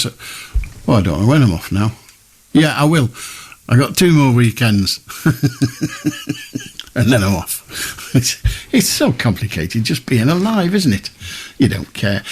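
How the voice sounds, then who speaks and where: Husky, wry late-night radio host man. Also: mid-range voice. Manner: wry, rambling, dry humour.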